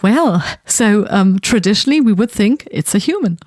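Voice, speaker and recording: A woman's voice: mid-range voice, animated, moderate pace, darkish tone, dry recording, clean studio sound. A woman co-hosting a podcast, explaining ideas in a thoughtful, casual way. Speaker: podcast co-host. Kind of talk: casual chat.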